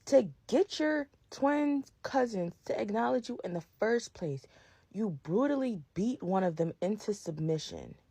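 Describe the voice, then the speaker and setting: A woman hosting a podcast, ranting hard about wrestling with a profane, emphatic delivery. Her voice sits a touch high, with a gravelly, fried edge. The sound is close and dry. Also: dark tone, no room sound. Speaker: podcast host. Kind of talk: heated wrestling commentary rant.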